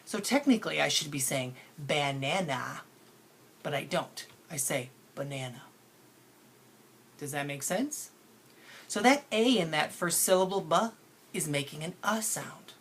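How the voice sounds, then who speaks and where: A woman's voice: low voice, animated, normal speed, husky. A woman teacher giving a phonics lesson to children, patient and playful, stretching out sounds to show how words are said.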